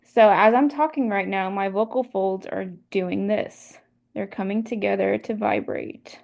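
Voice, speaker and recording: A young woman gives a class presentation, explaining a model one step at a time. She talks slowly, and her voice has a gravelly, fried edge. She often circles back to repeat a point. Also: medium pitch, fairly even intonation, darkish tone, highs cut off. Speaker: student presenter.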